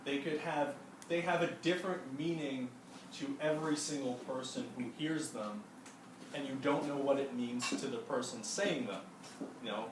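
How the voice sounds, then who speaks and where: A man's voice: mid-range voice, normal speed. A young man leading a small study group, talking loosely and casually with many fillers and restarts. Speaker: discussion leader presenting to a study group. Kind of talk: casual classroom presentation. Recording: echoey room, distant mic, background noise.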